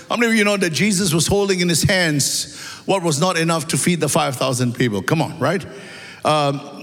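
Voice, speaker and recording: Guy preaching a sermon, a bit high voice, lots of questions to the crowd, big echoey hall. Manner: animated, rhetorical questions, rising emphasis. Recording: long hall reverb.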